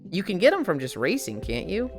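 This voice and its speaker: A woman's voice: lowish voice, huge pitch swings, brisk, faint music behind. A woman in her twenties streaming casually, telling profane stories and reading chat aloud.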